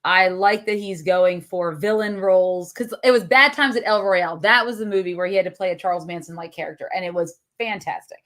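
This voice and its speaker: A woman's voice: on the low side, steady tone, a little fast, hardly any pauses, fairly bright tone. A woman co-hosting a movie review show, chatting casually with easygoing, opinionated takes. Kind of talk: casual film review talk.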